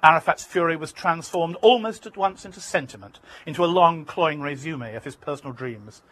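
A man's voice: a little high, fairly quick, fairly bright tone, rough recording. A man from Britain, an author giving an emphatic, vivid reading from his own memoir.

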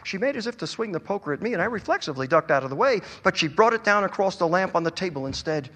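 Male author, live story reading, bright and a bit high, long hall echo. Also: quick pace. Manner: wry, expressive storytelling. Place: event hall.

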